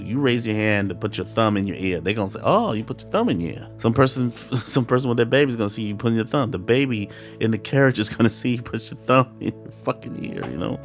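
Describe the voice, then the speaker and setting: Middle-aged male host, deep gravelly voice, profane animated storyteller, faint music underneath. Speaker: podcast host telling a personal story. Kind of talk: casual storytelling monologue.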